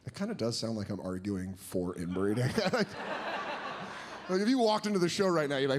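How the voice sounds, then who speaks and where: Animated, profane male stand-up comic. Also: medium pitch, a little fast, crowd noise. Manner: animated, profane, jumps into exaggerated quoted voices. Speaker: stand-up comedian. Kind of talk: stand-up routine. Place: stage before a live audience. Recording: live show with audience noise.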